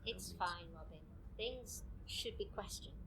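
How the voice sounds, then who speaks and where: A woman's voice: medium pitch, a little slow, reverberant, heavy background noise, lightly acted. Beatrice, a woman playing a tired, uneasy archivist. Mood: plain. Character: tired young woman archivist haunted by dreams. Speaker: archivist recording old stories.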